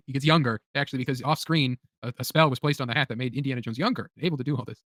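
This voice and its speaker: Male co-host, mid pitch, dry close mic, jokey banter with frequent laughter. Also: fast talker, fairly bright tone, dry recording. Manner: joking, laughs often, teasing. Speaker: co-host of a live stream. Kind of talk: casual chat.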